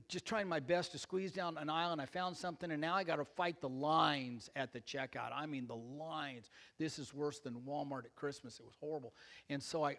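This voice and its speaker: Older guy pastor preaching, kinda high voice, jokey and teasing his church. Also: a bit bright, big-room sound. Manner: joking, self-deprecating storyteller. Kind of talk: sermon.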